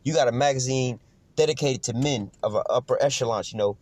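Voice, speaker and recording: A man in his own casual commentary, talking fast and rambling through restarts. His voice sits at a middle pitch. His speech is slangy and peppered with profanity, and the recording is dry with no room sound. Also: darkish tone, dry recording. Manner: slangy and profane, keeps adding "man" and "you know what I'm saying".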